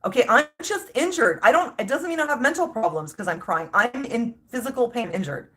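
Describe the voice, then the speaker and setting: A woman's voice: a little high, animated, brisk, bright, forceful tone. A woman vlogger telling a story in a casual, emphatic rant, exasperated and full of restarts.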